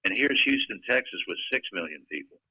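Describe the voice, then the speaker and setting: A man's voice: deep voice, expressive, fairly quick, slightly rough, dry recording, lo-fi sound. An older man, a retired TV weatherman, answering as a podcast guest in an earnest, heartfelt way. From Pennsylvania. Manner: warm, earnest, speaks with conviction about his state. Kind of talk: conversational interview.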